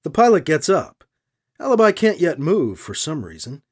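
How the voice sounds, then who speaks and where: A man reading a science fiction story aloud as narrator, expressive and animated. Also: fairly high pitch, normal speed. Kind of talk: audiobook narration.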